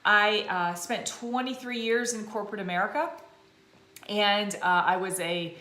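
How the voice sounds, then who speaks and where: A woman in her forties talks casually to her viewers as a fitness vlogger, self-deprecating and laughing often. Her voice is a little froggy and hoarse, sitting at an ordinary middle pitch. The room around her is echoey. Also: steady tone, unhurried, pushed and bright. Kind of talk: casual chat to camera.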